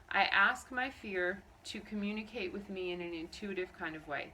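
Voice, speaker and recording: A woman talking earnestly to camera, telling a personal story and sharing how she copes with fear, expressive and reflective. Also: medium pitch, slight background noise, low-quality recording. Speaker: vlogger sharing personal coping strategies.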